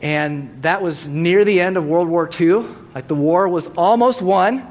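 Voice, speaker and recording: A middle-aged man giving a sermon, telling a story in a casual, animated way and acting out the quotes. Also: high-pitched, measured pace.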